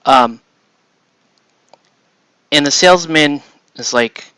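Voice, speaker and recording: Guy rambling through a story, bright tone, lots of "right?", dry close mic. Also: medium pitch, a little slow, long pauses, dry recording. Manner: rambling, many restarts and "right?" tags. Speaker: painting streamer telling a story. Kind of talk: casual storytelling chat. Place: home hobby room.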